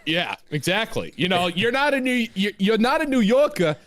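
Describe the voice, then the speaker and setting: A man co-hosting a casual comedy chat, relaxed and drawling with lots of filler words. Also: high-pitched, normal speed, faint music behind.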